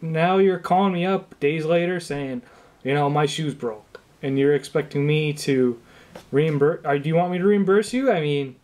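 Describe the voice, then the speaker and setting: Incredulous young man on a one-sided call. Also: fairly high pitch. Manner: incredulous, deadpan, mock-supportive questioning. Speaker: shoemaker answering a customer's phone call. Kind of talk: improvised one-sided phone comedy.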